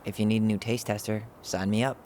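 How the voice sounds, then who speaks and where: An actor playing an earnest, curious young man in a video game, with a soft-spoken, considerate manner. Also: fairly low pitch, steady tone, fast talker, slight background noise, lightly acted. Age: young adult. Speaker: game character.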